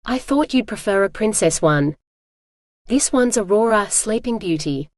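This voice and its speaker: Cheerful, quick-talking young female friend read by a synthetic woman narrator, mid pitch, dry recording. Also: lively intonation, no room sound, close to an everyday voice. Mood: chatty. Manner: bright, chatty, quick.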